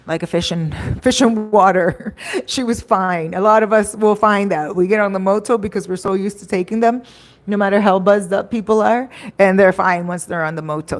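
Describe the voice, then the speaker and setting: A woman vlogger telling a story in a chatty, animated way, laughing often. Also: fairly low pitch. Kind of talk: casual storytelling.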